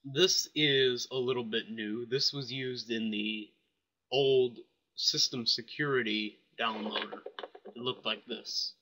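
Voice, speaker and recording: Male software reviewer, mid pitch, very bright and piercing tone, offhand and puzzled. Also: fairly even intonation, slow. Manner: thinking aloud, offhand and puzzled. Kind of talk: casual screen-recorded software demo.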